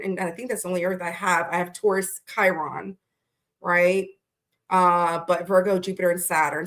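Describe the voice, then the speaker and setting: A woman chats casually with viewers on her live tarot reading stream, greeting people by name and swearing freely. Her voice is medium in pitch and a bit bright.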